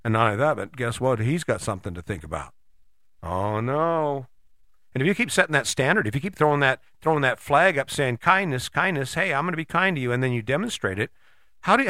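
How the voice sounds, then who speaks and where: Man with a bright, dry voice, motivational speaker coaching the listener directly, animated. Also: medium pitch, no room sound. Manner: animated, acts out imagined dialogue. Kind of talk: motivational monologue.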